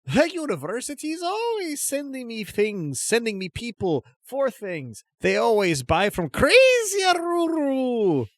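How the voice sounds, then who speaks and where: A man puts on a frantic, theatrical street vendor in a tabletop game, his voice jumping high and strained. He repeats his sales lines in a sing-song, pushy patter. The sound is close and dry. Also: sing-song, unhurried, few pauses, fairly bright tone, no echo, exaggerated voice. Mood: boastful. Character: eccentric pushy male market vendor, theatrical and loud.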